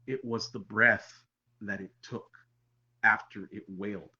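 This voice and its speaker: A man recounts his own eerie encounter as a podcast guest. His voice is bright and forward, with a slightly dull, lo-fi sound. He swings from animated telling to hushed, quiet passages. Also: on the low side, a little slow. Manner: animated storyteller, drops to near-whispers for tense moments. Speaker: interview guest. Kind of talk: telling a personal encounter story.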